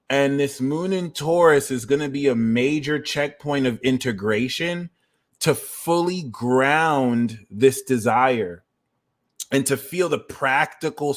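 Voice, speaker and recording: A man hosting a live astrology stream, explaining the transits to his viewers. His delivery is energetic and chatty, and he breaks off now and then for quick asides. His voice sits at an ordinary middle pitch for a man. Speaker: astrology livestream host.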